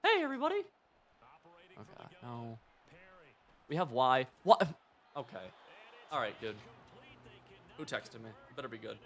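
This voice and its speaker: A young man streaming a football video game, chatting and reacting in casual gameplay commentary, swinging from muttering to yelling. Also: mid-range voice, unhurried, long pauses. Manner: excitable, talks to himself and the opponent, jumps from mutters to yells.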